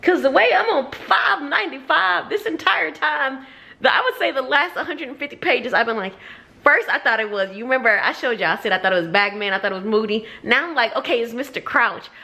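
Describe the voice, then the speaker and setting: A woman vlogging about her reading in a casual, animated way, blunt and profane, with frequent laughs. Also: sits high, a little fast, gravelly. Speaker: book vlogger. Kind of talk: casual reading vlog chat.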